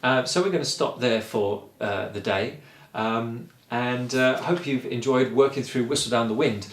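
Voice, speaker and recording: A man giving a singing lesson, explaining calmly and encouragingly, step by step. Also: mid-range voice, normal speed, echoey room. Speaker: singing teacher. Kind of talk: vocal lesson.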